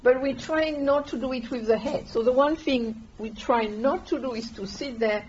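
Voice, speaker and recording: A woman, gently guiding a meditation class in an unhurried, soft-spoken way. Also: a little high. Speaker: meditation teacher. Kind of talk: calm meditation instruction. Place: meditation hall with listeners. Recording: dull lo-fi room recording with faint hiss.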